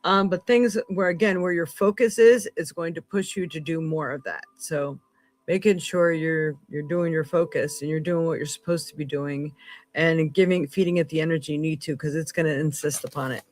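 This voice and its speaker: A woman's voice: sits low, normal speed, no room sound. Woman tarot reader hosting a live stream, earnest and emphatic, dry close sound. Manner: emphatic, earnest, jumps between loud and hushed. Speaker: psychic tarot reader and host.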